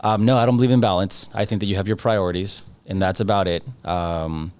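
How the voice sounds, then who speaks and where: A man's voice: low-pitched, steady tone, fairly quick, a little mellow, clean tone. A man as a podcast guest, talking about his real estate work in a confident, emphatic way, hammering home points with short repeated lines. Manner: emphatic, confident, punchy repetition. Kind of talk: conversational interview.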